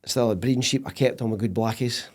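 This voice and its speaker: A middle-aged Scottish-accented man, a podcast guest, tells stories in a casual interview, animated and laughing often. His voice is mid-range and his pace quick.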